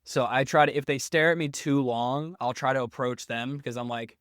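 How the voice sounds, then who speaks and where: A man's voice: medium pitch, moderate pace, fairly bright tone, no room sound, clean studio sound. A man chatting as a podcast guest, rambling and self-deprecating. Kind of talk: casual chat.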